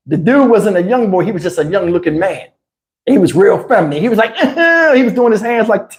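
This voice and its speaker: A man's voice: sits high, fairly quick. Man telling a story with crude slang. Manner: animated, laughs often, crude slang. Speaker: live-stream storyteller. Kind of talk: casual anecdotal storytelling. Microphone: wireless lapel mic.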